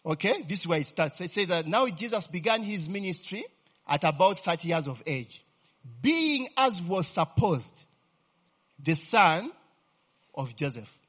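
A man's voice: high-pitched, sing-song, a little slow, fairly bright tone, husky. A man preaching a Bible teaching sermon, who keeps asking the congregation if they understand, repeats his questions for them to answer, and punctuates his points with hallelujah and glory be to God.

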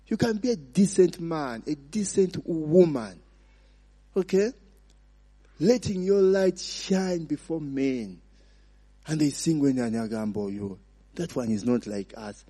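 Man, Ugandan accent, sermon, call-and-response, slow husky delivery, long hall reverb. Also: a little high, a little mellow. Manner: prompts the congregation to finish his sentences; mixes in Luganda phrases. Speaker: preacher.

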